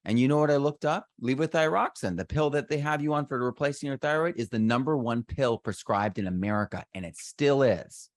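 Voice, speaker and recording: A man's voice: mid-range voice, a little fast, few pauses, dry recording, studio quality. A middle-aged man talking as a podcast guest in a casual interview, rambling and often restarting his sentences. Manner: rambling, self-interrupting storyteller.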